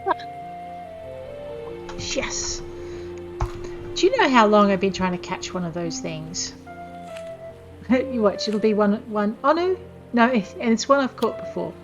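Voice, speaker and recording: A woman's voice: medium pitch, expressive, measured pace, pauses often, lo-fi sound, music in the background. A woman chatting casually to her viewers as she plays a game, self-deprecating and talkative. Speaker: gameplay narrator. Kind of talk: casual let's-play commentary.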